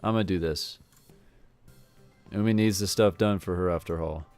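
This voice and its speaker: A man's voice: low-pitched, normal speed, darkish tone, soft background music. A man reading a visual novel aloud with rambling, self-correcting, wry commentary. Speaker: video game let's player.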